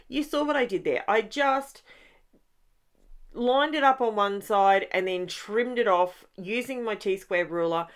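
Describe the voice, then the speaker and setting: A woman's voice: medium pitch, a bit bright. An Australian woman hosting a scrapbooking channel, giving a chatty, rambling voice-over from her home craft room. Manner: chatty and rambling, with fillers and asides.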